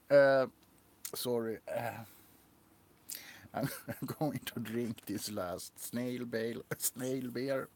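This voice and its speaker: A man's voice: mid-range voice, fairly even intonation, extremely slow, long pauses, darkish tone, slightly rough, no room sound. A man hosting a casual livestream, rambling and laughing often as he shows off his figurines. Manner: giggly, rambling. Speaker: livestream host.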